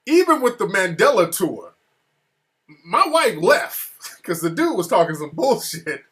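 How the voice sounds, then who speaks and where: Loose-talking American man, slightly high voice. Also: big pitch swings, a little slow, a bit bright. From United States. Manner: loose, profane, full of restarts and asides. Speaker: speaker recounting a trip. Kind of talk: casual storytelling.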